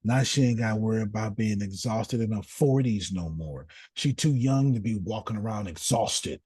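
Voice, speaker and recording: A man teaching in a preaching style, animated, repeating phrases and calling listeners by name. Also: on the low side, moderate pace, husky, dry recording. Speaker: host and teacher.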